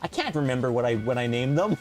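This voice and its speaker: A man chatting casually on a live stream, rambling with fillers and often laughing, his voice leaping up high whenever he gets excited. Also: fast, faint music behind.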